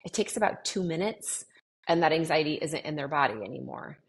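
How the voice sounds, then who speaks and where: Lively lower-voiced woman acting out quotes. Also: a little fast. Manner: animated, acts out quoted dialogue with clients; self-interrupting, restarts sentences. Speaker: guest sharing her experience with anxiety. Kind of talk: casual interview conversation.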